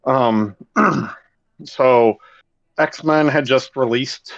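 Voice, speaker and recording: A man hosting a podcast in an easygoing, rambling chat, cursing casually as he goes. His voice sits at a middle pitch. The recording is dull and lo-fi, with a dry, close sound. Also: very slow, gravelly, a bit bright, no room sound. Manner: loose, rambling, swears freely. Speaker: podcast host.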